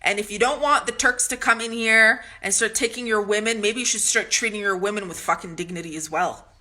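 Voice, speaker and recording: A woman's voice: mid-range voice, a little fast, sharp tone. Blunt, profane woman ranting to camera. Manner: ranting with frequent restarts. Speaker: vlogger.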